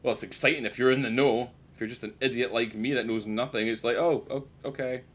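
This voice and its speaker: A man's voice: mid-range voice, steady tone, fast, a bit bright. A man streaming a game and chatting casually, swearing freely and poking fun at himself. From United Kingdom. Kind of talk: casual live-stream chat while gaming.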